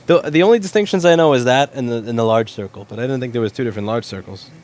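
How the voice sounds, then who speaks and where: Brief: young male streamer, mid-pitched, blunt and profane, rambling chat with faint noise behind. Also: very fast, a little mellow. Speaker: livestream host, repair shop owner. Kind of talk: casual livestream chat answering viewers.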